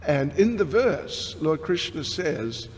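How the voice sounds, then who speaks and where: A man, a swami, giving a scripture class as a sermon, talking slowly and deliberately and clearing his throat often. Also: fairly high pitch, big pitch swings. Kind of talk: sermon-style scripture lecture. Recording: long hall reverb with faint background noise.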